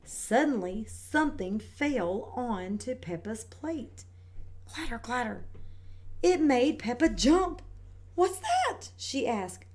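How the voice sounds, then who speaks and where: A kindergarten teacher speaks slowly and carefully, modeling each word for her young listeners. Her voice is fairly high and encouraging. She reads the story aloud with warm praise. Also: expressive. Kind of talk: read-aloud lesson for young children. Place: home, indoors.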